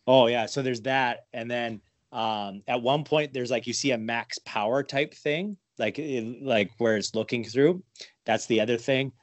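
A man's voice: mid-range voice, fairly even intonation, a little slow, no room sound. A man chatting casually as a podcast co-host, rambling and profane, poking fun at himself. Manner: rambling, profane, self-mocking theorizing. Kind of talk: casual chat.

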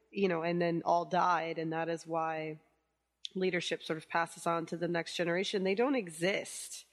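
A woman's voice: on the low side, in a large hall. A woman hosting a podcast, steering the chat with wry remarks. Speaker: podcast host. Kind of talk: casual chat.

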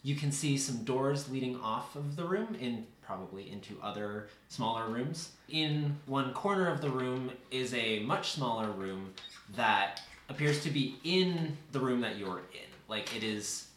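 A man narrating a tabletop game as game master, describing scenes in a measured, casual way. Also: medium pitch, animated, a bit bright. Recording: roomy echo, faint noise.

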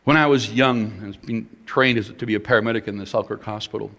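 A man's voice: lowish voice, fairly even intonation, quick pace, a bit bright. Middle-aged guy preaching, emphatic storyteller, long echo like a big hall. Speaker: pastor. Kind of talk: sermon.

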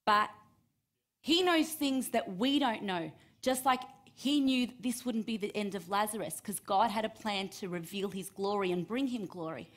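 A woman's voice: medium pitch, normal speed. A woman preaching, reading and retelling a scripture story and acting out the quoted voices with rising emphasis.

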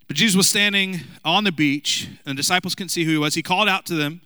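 A man's voice: high voice, quick pace, few pauses, sharp tone, clear, resonant tone, no echo. A man in his thirties, a pastor giving a casual, joking sermon with asides to the congregation. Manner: conversational, jokey preaching with asides to the congregation.

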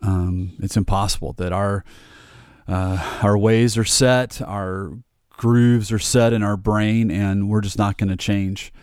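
A man in his forties talks on a podcast in a low voice, wry and reflective. The sound is dry and close, with no room around him. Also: fairly even intonation, takes it slowly, darkish tone, clear, resonant tone, no room sound. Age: 40s. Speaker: podcast co-host and producer. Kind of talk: casual podcast chat.

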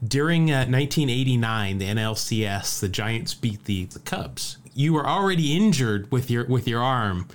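A man interviewing a guest, asking playful questions with halting restarts. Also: mid-range voice, lively intonation. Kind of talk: casual interview.

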